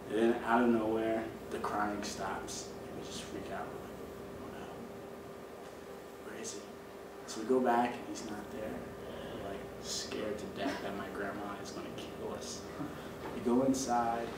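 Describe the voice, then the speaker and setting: Man telling a story, echoey. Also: mid-range voice. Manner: laughing, animated storytelling. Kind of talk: casual personal anecdote. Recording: echoey room from a distance, noise.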